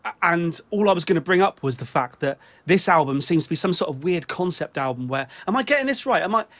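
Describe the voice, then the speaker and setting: A man's voice: a little high, lively intonation, fast, a bit bright. A British man hosting a casual chat about music, often stopping and restarting his sentences. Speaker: show host.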